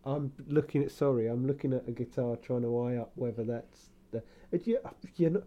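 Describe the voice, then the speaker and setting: A man co-hosts a podcast in casual chat, rambling, laughing often and now and then slipping into campy put-on voices. His voice is mid-range and warm, at a normal speed, with the highs cut off.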